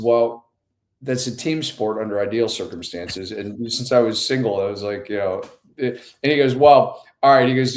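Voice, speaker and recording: A man in his fifties, a podcast guest, telling a story with lively acted-out dialogue. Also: fairly low pitch. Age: 50s. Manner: animated storyteller, acts out dialogue. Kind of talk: conversational storytelling. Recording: echoey room.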